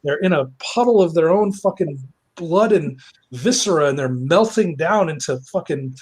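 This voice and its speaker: A man's voice: fairly high pitch, animated, moderate pace, darkish tone, husky. A man casually retelling a plot as a reviewer, rambling and swearing with many fillers. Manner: rambling, profane, lots of fillers.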